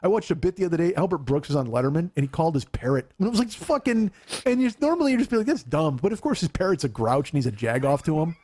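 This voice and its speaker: A man from Chicago hosting a comedy podcast, telling stories in an animated way, acting out voices, swearing freely and laughing often. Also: on the high side, quick pace, husky. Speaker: podcast host. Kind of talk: casual comedic chat.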